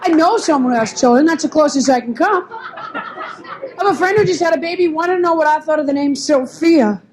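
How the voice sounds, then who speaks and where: A woman's voice: high voice, brisk, darkish tone, a faint crowd, rough recording. A woman doing a chatty, sarcastic stand-up set on a club stage. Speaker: stand-up comedian. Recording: faint club noise. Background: audience laughter.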